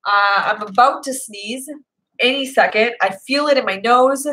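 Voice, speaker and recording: A woman's voice: a little high, normal speed, bright, forceful tone, low-quality recording. A young woman hosting a live video Q&A from home, chatting casually and rambling with lots of fillers. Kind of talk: casual live-stream chat. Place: indoors at home, Seattle.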